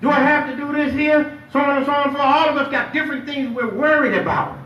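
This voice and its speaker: A man preaching a lively Friday sermon as imam, playful and emphatic, drawing responses from the congregation. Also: extremely high pitch, fast, highs cut off. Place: mosque prayer hall. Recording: echoey hall, picked up from far off.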